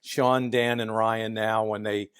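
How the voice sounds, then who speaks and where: A retired FBI agent in his sixties, a guest from Philadelphia with a Philadelphia accent, tells stories in a casual interview. He chats freely, chuckling and performing other people's lines. His fairly low, smooth voice is a bit bright, level in tone and slow-paced, with studio-quality sound and no room sound.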